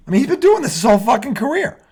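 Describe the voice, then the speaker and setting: A man hosting a sports talk show, ranting with heavy swearing, mocking and shouting. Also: very high-pitched, very animated, racing, breathy edge. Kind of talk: heated sports talk rant.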